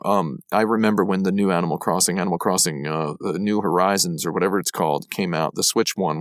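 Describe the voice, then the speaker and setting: Very deep-voiced rambling man. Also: no room sound, studio quality. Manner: rambling storyteller with many fillers. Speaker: podcast panelist. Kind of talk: casual chat.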